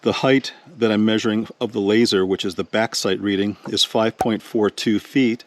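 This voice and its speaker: A man's voice: fairly low pitch, steady tone, normal speed, slight background noise. A man hosting his own DIY channel who gives a patient, plain-spoken how-to explanation. He often stammers and restarts his sentences.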